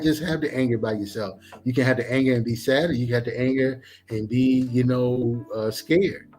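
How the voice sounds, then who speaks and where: A middle-aged man and former police officer, a guest on a talk show, explaining in an animated, preachy way with many examples. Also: mid-range voice. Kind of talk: casual talk show discussion.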